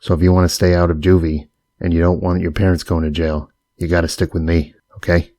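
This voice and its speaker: A man voicing a middle-aged getaway driver in an audiobook, low and calm while he lays out threats. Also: a little fast, dry recording, studio quality. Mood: cool, menacing. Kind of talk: audiobook character voice.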